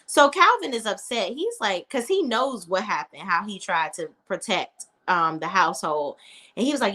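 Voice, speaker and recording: A woman's voice: medium pitch, expressive, moderate pace, pushed and bright. A woman recapping a TV episode in a casual, sassy, blunt way, acting out what the characters say. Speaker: TV recap commentator.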